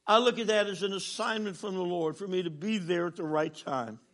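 A man in his sixties preaching a sermon as a traveling minister, telling stories with jokes and swinging from loud to hushed. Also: high-pitched, fairly quick.

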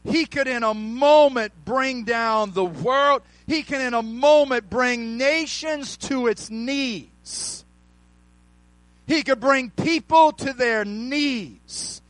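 Preacher guy with a really high voice, slow and drawn out, calls to the crowd, shouts sometimes. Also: dry recording, low-quality recording. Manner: calls out to the congregation, rising to shouts; slow, drawn-out emphasis on key words. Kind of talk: sermon.

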